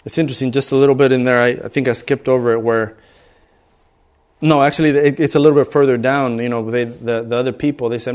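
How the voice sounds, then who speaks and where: A man's voice: medium pitch, steady tone, fast talker, darkish tone. A middle-aged man preaching a sermon in a conversational way, acting out bystanders with humor. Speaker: pastor.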